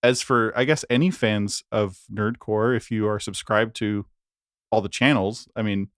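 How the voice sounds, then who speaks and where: A man's voice: fairly low pitch, steady tone, measured pace, no echo, studio quality. A young man co-hosting a podcast, telling stories in a rambling, laughing, casual chat. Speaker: podcast co-host.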